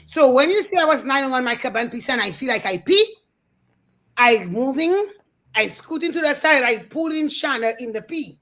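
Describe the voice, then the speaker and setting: A middle-aged woman co-hosting a casual talk show, telling animated family stories and acting out the voices. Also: sits high, normal speed, low-quality recording. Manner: animated storyteller, acts out quotes. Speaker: co-host. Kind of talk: casual storytelling chat. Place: studio.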